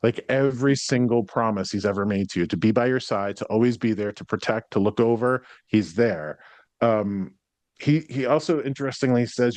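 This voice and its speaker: A man working as a psychic medium gives a rambling, hesitant spirit reading to a sitter, full of ums and likes, and swears when passing along what the spirits say. His medium-pitched voice is a little mellow at a moderate pace, with no echo.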